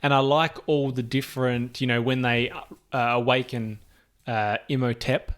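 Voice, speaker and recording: A man's voice: medium pitch, little pitch movement, a little slow, a bit bright. Male podcast co-host with a mid-range voice and an easygoing, chatty manner. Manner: easygoing, laughs often, restarts sentences. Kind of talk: casual chat.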